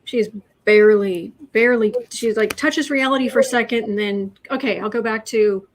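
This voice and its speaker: A woman hosting a casual tarot reading chat, talking haltingly with fillers and restarts. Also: a little high, crowd noise. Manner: mimics the person she reads about. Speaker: host, tarot reader.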